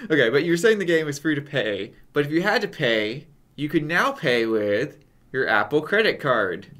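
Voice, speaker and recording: A young man co-hosting a casual podcast, dropping wry, quick joking remarks into the chat. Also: fairly high pitch, big pitch swings, fairly bright tone. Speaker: podcast co-host.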